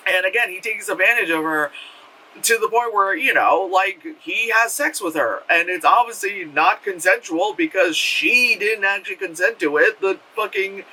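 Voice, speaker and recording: A man with a high, very bright voice talks through a movie in an animated, rambling way, stacking up "like" and swearing freely. He sounds a little far from the mic, with a faint hiss behind him. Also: normal speed, husky. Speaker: movie reviewer. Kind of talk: casual spoken film review.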